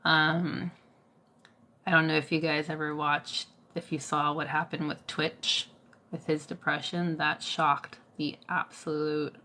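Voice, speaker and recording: A low, gravelly-voiced woman chats casually on a livestream, tired and worn out, with plenty of fillers. Her tone is bright and a little edgy, and a faint noise hums under the recording. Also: little pitch movement, measured pace. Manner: chatty, many fillers, answers viewer comments. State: tired, coughing. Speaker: Reiki healer, livestream host.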